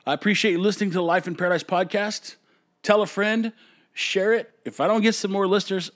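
A man's voice: sits high, fast. Blunt, opinionated man hosting a podcast. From United States. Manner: blunt, opinionated, swings between calm and heated. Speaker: podcast host. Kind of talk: solo opinion podcast rant.

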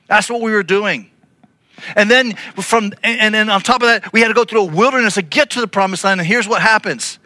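A man delivers a sermon in a high, bright voice, telling a story and slipping into the voices of the people he quotes. The sound is dry and close. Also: brisk, dry recording. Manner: storytelling, acting out quotes with shifting pitch. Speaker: pastor.

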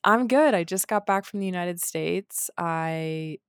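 A woman with a raspy voice co-hosting a health podcast. She tells bubbly stories and laughs as she talks. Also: lowish voice, unhurried, no room sound, studio quality. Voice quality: raspy morning voice. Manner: bubbly storyteller, laughs while talking. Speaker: podcast co-host, dietitian. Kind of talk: casual podcast chat.

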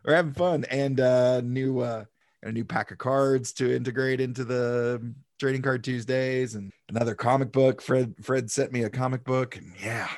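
A man's voice: medium pitch, fairly even intonation, moderate pace, dry recording, clean studio sound. Laughing, chatty male podcast host. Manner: laughs often, upbeat and chatty. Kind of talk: casual podcast chat.

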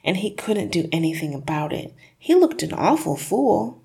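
A bright little girl with a sweet, innocent tone that hides a sly streak, as a woman reads her lines. A slightly gravelly edge sits in the voice. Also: lowish voice, big pitch swings, normal speed, full character voice.

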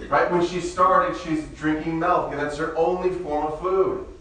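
A man preaching a sermon as a pastor, in a relaxed, conversational way, telling stories with humor. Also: fairly high pitch, a little slow. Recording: very echoey room, mic far off, faint ambience.

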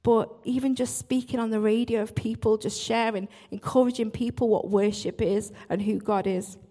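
A woman's voice: a little high, fairly even intonation, normal speed, mellow. A woman worship leader, giving an earnest church talk with frequent asides and restarts. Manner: earnest, self-interrupting, apologetic asides.

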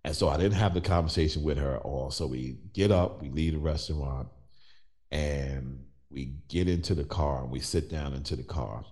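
Deep-voiced middle-aged man telling stories. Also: normal speed. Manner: animated, acts out quoted voices. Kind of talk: personal storytelling in conversation.

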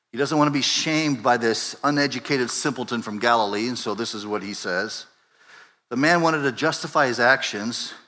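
A man preaching a sermon as pastor, conversational and animated, swinging from loud emphasis to quiet asides and often asking "right?". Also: mid-range voice. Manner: conversational, repeats words and asks "right?".

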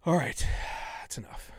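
A man in his fifties hosting a solo fitness podcast, talking passionately and getting worked up as he vents. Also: fairly bright tone. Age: 50s. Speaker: podcast host.

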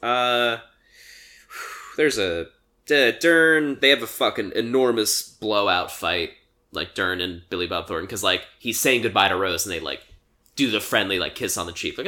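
A young man casually recapping a movie on a podcast, rambling with lots of fillers and quick acted-out quotes. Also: fairly low pitch, sharp tone. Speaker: podcast co-host.

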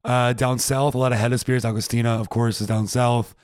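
A man's voice: mid-range voice, level tone, brisk, darkish tone, clean tone, no echo, studio quality. A man co-hosting a casual podcast, easygoing and upbeat. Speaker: podcast co-host. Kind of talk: casual chat.

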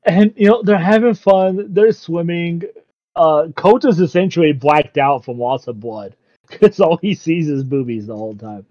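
Excitable high-pitched male podcaster, laughs through his recaps, curses, dull lo-fi audio. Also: normal speed, no echo. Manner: excitable, laughs constantly while retelling; swears casually. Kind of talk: casual chat recapping an anime episode. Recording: dull lo-fi sound.

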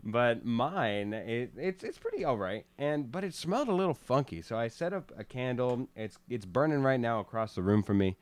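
A man's voice: mid-range voice, expressive, normal speed, hardly any pauses, clean tone, no room sound. Teasing young male podcast co-host. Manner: joking, teasing, playful. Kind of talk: casual podcast chat. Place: his room.

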